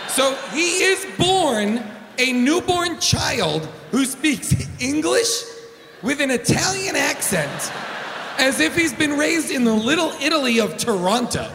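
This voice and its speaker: A man co-hosting a casual comedy chat, animated and laughing, with occasional swearing. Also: very high-pitched, slow, background noise. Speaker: podcast co-host. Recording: echoey room with long reverb.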